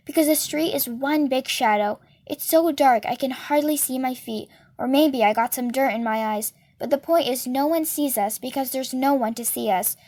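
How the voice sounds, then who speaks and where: A woman reading a novel aloud as a storyteller, with steady and expressive delivery. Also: high-pitched.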